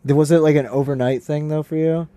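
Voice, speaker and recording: A man's voice: fairly high pitch, steady tone, fast, warm tone, clear, resonant tone, dry recording. A man chatting as a podcast guest, joking and teasing with frequent laughs. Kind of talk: casual chat.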